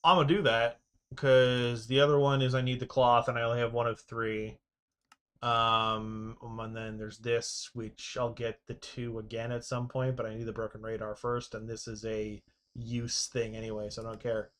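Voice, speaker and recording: A young man talks through a game on stream in a loose, rambling way. He swears casually and laughs at his own mishaps. He drifts between muttered asides and quick bursts of excitement. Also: mid-range voice, clear, resonant tone. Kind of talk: casual gameplay commentary.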